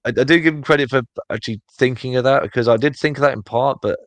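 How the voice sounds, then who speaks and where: A man's voice: medium pitch, fast talker, fairly bright tone, no room sound. A man co-hosting a casual podcast chat, rambling with many fillers and restarts. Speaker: podcast co-host.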